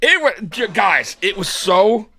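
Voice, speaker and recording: A man's voice: high-pitched, big pitch swings, slow pace, pushed and bright, slightly rough. A man hosting a casual sports talk show, heated and swearing often, with frequent laughter. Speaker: podcast host.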